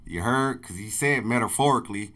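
A man hosting a casual music reaction, excitable, repeating lines back and calling out "bro". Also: medium pitch, a little fast, very noisy. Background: faint music.

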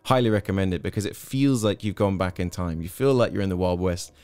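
A quick, lively English man with a fairly low voice, sitting in as an interview guest and spinning anecdotes with quoted voices. The sound is close and dry, with no room around it. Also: clear, resonant tone, no room sound. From Hong Kong. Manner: animated storyteller, slips into quoted voices. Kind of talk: casual interview chat.

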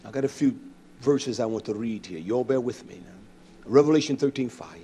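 A man preaching a fiery sermon, swinging between shouted declarations and hushed asides, acting out conversations. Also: mid-range voice, animated, a little fast, slightly rough.

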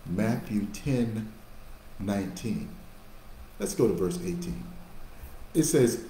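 An animated male pastor teaching from scripture, calling out to his congregation and then dropping into low asides. His voice is mellow and warm. The recording sounds roomy and echoey, with a faint hiss underneath. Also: slow, long pauses. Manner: animated, swings between loud exhortation and low asides. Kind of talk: sermon teaching.

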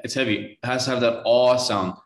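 A man teaching Quran reading one-on-one, patiently correcting pronunciation and slowly modeling each sound. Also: mid-range voice, fairly even intonation, reverberant.

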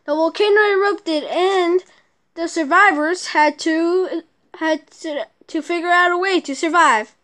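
A woman casually narrating a game role-play series, halting with restarts. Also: very high voice, fairly bright tone.

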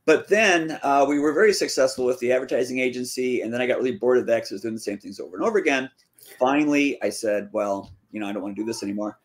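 Male author telling his story animatedly. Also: fast. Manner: lively, acts out quoted dialogue with pitch jumps. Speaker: fantasy author, interview guest. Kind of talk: casual storytelling.

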